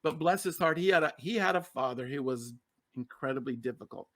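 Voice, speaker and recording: A man's voice: mid-range voice, brisk. A middle-aged man telling a personal story as a podcast guest, earnest and emotional, often repeating words for emphasis. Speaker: guest, success coach.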